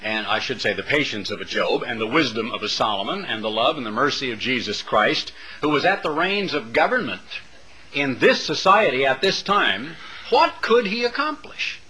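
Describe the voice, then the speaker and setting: A man delivering a rambling, opinionated monologue as a radio talk show host, with many pauses and fillers. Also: medium pitch, lively intonation, crowd noise, rough recording.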